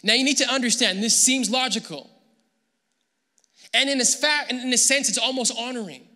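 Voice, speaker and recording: A man preaching a sermon as pastor, animated and acting out the people he quotes. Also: extremely high pitch, normal speed, long reverb tail. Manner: animated, acts out quoted voices. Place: church hall.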